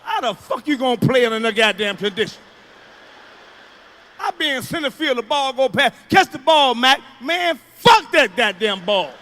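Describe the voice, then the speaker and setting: A man works through a stand-up routine, loud and profane. His voice sits very high and comes out sharp and forceful. He tells his stories by acting out the people in them. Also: big pitch swings, normal speed. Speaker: stand-up comedian. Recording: archival stand-up clip.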